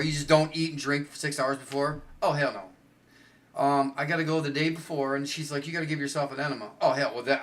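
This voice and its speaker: Middle-aged male podcast host, crude and animated storyteller, bright, raised voice. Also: fairly high pitch. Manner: crude, animated storyteller who acts out quotes. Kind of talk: casual storytelling chat.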